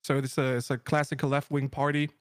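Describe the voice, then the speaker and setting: A man's voice: medium pitch, completely flat delivery, fast, no echo, clean studio sound. A man from Germany with a German accent, a guest streamer chatting casually and joking sardonically. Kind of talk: casual chat over a call.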